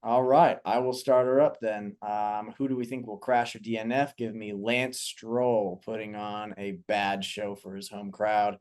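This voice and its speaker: A man's voice: on the low side, flat delivery, unhurried, few pauses, a little mellow. A man co-hosting a podcast, talking casually in an upbeat, playful, self-mocking way. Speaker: podcast co-host.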